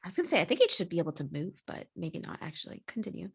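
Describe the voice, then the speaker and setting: A woman's voice: on the low side, big pitch swings, very fast, vocal fry, slightly rough. A woman playing a tabletop game, playful and teasing. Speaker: player. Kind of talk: casual tabletop play.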